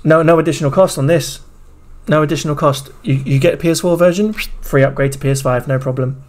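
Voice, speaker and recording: A man streaming, reacting excitedly to a game trailer in casual, profanity-laced commentary. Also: fairly high pitch, fast talker, faint music behind. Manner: excitable, swears freely, talks over the video.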